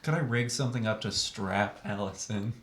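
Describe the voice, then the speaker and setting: A player in a tabletop role-playing game, cracking quick jokes about the scene. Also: mid-range voice, roomy sound. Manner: joking, quick quips. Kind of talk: tabletop role-play chat.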